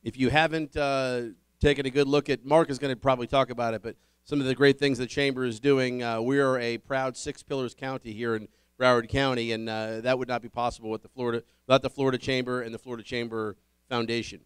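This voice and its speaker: A male host with a medium pitch talks quickly and with little pitch variation, his tone clear and resonant, while making upbeat announcements at a public dinner forum. He welcomes attendees, sets the ground rules and introduces the panel, and the recording has no room sound.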